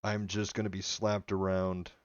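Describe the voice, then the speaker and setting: A man with a very low, smooth and clear voice chats casually with viewers while streaming a game. His talk is relaxed and rambling. The sound is dry and slightly dull, like a home desk mic. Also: normal speed, dry recording. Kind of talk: casual live-stream commentary. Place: home room.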